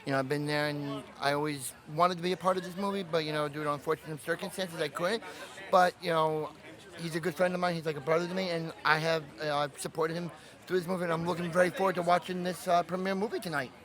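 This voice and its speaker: A man's voice: on the high side, steady tone, fast. A man, a friend of the filmmaker, speaking earnestly at an outdoor premiere interview. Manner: earnest, warm praise, fillers. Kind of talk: casual red carpet interview. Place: outdoors, crowd around. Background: crowd chatter.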